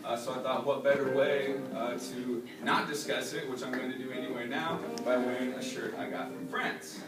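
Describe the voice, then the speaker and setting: A man's voice: mid-range voice, steady tone, moderate pace, loud music behind the voice. A young man giving a class presentation, playful and joking with the audience. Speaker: student presenter. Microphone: far camera. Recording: echoey classroom from far off.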